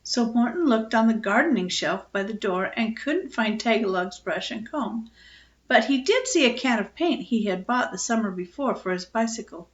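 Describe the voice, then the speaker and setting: A woman's voice: fairly high pitch, normal speed. Older woman reading a children's story. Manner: expressive reading with small slips. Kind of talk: reading a children's book aloud. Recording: echoey lo-fi home recording.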